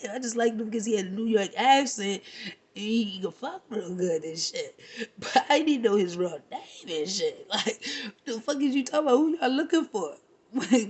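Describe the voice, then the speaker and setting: A woman telling a long profane story in an animated, rambling rant, laughing now and then. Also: fairly high pitch, slightly rough. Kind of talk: casual rant to camera.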